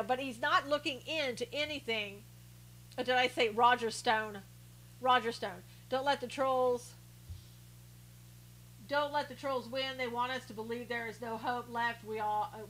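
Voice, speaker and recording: A woman's voice: fairly high pitch, a bit bright, a little hiss or hum, poor audio. Chatty woman hosting a live stream. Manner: chatty, reads viewer comments aloud, many restarts. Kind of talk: casual political commentary.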